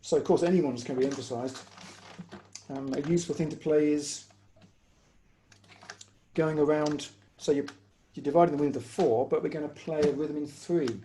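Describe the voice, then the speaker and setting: A man giving a patient, step-by-step online music lesson on the hurdy-gurdy, pausing often as he explains. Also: on the high side, steady tone, mellow, a little hiss or hum. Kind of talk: online music workshop instruction. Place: home room, online workshop.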